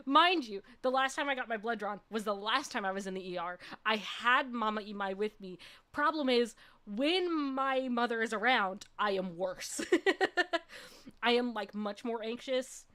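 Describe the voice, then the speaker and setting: Animated young woman telling a story. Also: on the high side, normal speed, clean tone. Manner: animated, laughs often, ends points with "okay?". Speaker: vtuber streamer. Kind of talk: casual storytelling chat.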